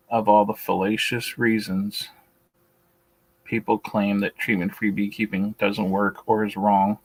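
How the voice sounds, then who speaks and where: A man's voice: on the low side, gravelly, a bit bright, no room sound, low-quality recording. A man hosting a beekeeping talk stream, blunt and opinionated, speaking with a shaky voice and often restarting his sentences. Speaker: beekeeping channel host. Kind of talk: casual livestream talk, reading and answering a list.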